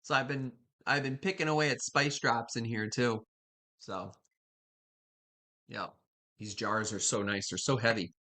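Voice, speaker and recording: Bright-voiced chatty woman host. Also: a bass voice, steady tone, measured pace, pauses often. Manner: chatty, rambling, greets viewers by name. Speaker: live stream host. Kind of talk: casual chat with live viewers. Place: home kitchen.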